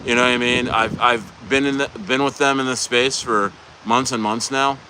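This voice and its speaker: Young male streamer, loose rambling chat, mid pitch, outdoor take with heavy wind. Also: steady tone, normal speed, poor audio. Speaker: livestream host. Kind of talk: casual livestream chat. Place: outdoors at a beach. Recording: loud outdoor wind noise.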